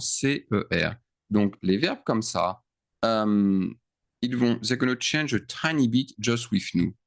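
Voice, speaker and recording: Male language tutor, very low voice, unhurried delivery, patient. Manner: patient, checks in often, stretches words out. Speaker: French teacher. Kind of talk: slow explanatory grammar lesson.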